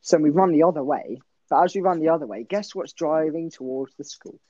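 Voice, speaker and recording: A young man co-hosts a podcast, telling a rambling story full of laughter and swearing. His voice is on the high side, fairly quick and mellow. The recording is dull, lo-fi and dry.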